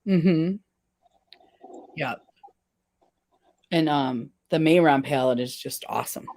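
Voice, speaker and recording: A woman chatting casually while face painting, agreeable and relaxed, often murmuring assent. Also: deep voice, slow. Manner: relaxed, agreeable, many backchannels.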